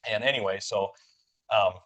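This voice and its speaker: At a moderate pace, a man with a lowish, slightly bright voice tells a story on his podcast. His delivery is loose and filler-laden, with quoted dialogue acted out, and the lo-fi recording sounds dull.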